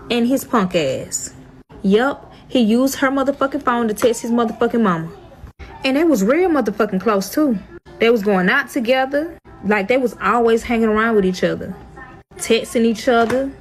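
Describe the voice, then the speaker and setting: A woman's voice: on the high side, poor audio. A young woman telling a storytime in a profane, exasperated, dramatic way. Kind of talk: storytime vlog.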